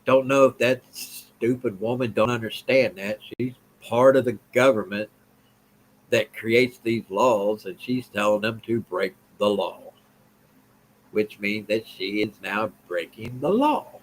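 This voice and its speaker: A man's voice: on the low side, a little slow, a little hiss or hum, rough recording. A man hosting a political live stream, talking bluntly, repeating himself and answering viewers' comments. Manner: blunt, repetitive, reads and answers chat.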